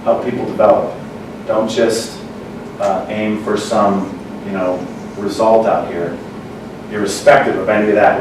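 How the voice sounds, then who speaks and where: A lower-voiced man talks loosely to a group and keeps asking the room questions. He is heard from a distance in a very echoey space, with clear background noise. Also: fairly even intonation, a little slow. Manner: repeats words, asks the audience questions. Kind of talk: informal teaching talk. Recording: roomy echo, far from mic, noisy.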